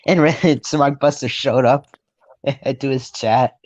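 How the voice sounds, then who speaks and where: A man's voice: medium pitch, fairly even intonation, slow, a little mellow, no echo, lo-fi sound. A man co-hosting a comedy podcast in casual chat, joking and laughing. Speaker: podcast co-host.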